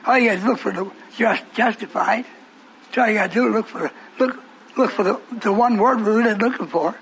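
A man preaching a sermon in a church, fervent, breaking into shouts and teasing the congregation. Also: high-pitched, brisk, creaky, slight background noise, poor audio.

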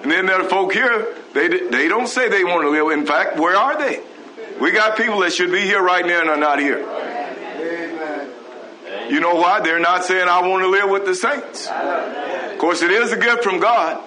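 A man's voice: high-pitched, lively intonation, moderate pace, long pauses, a crowd in the background, low-quality recording. A man preaching a sermon, asking the congregation rhetorical questions. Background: congregation responding.

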